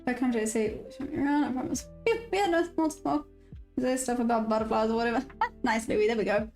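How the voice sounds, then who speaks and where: A South African woman with a slightly high voice hosts a live stream in a relaxed, chatty way. She answers her viewers' comments as they come in, over soft background music. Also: fast talker. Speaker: day-trading livestream host. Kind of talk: casual live-stream chat. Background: faint background music.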